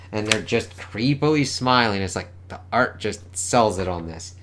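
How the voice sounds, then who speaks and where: Man, comic book reviewer, casual, rambling, swears, lowish voice. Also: expressive, normal speed, few pauses, a bit bright. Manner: loose, rambling, swears freely.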